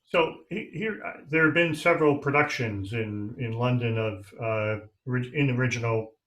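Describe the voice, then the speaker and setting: A man's voice: medium pitch, normal speed, a bit bright. Hesitant male host asking questions. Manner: hesitant, restarts questions, thinks aloud. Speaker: podcast host. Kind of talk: interview conversation.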